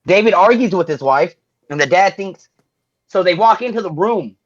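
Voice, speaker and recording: A man with a slightly high voice rambles through a movie recap, acting out quoted lines and dropping curse words. The audio is dull and lo-fi, like a home podcast mic. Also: animated, moderate pace. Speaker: podcast host. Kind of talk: casual movie recap chat.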